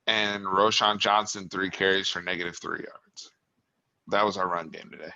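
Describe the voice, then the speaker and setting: A man hosting an instant-reaction sports talk show, a frustrated fan venting about the game, at times raising his voice to a yell. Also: deep voice, steady tone, normal speed, highs cut off. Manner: impassioned, builds to yelling.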